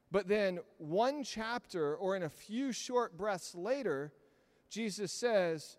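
A man preaching a sermon in an animated, conversational storytelling manner. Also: high voice, slow pace, in a large hall. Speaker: pastor.

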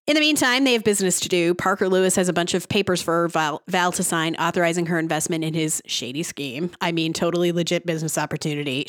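A woman recaps a TV episode on a podcast, sarcastic and quick to giggle. Her voice sits slightly low, and the sound is dry and close. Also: fairly bright tone, dry recording. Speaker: podcast host.

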